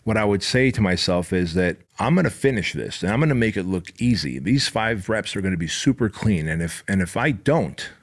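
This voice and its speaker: A middle-aged man hosting a podcast, giving an intense, profane motivational monologue that climbs into fervent, near-shouted passages. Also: low-pitched, expressive, a little fast, hardly any pauses. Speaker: podcast host.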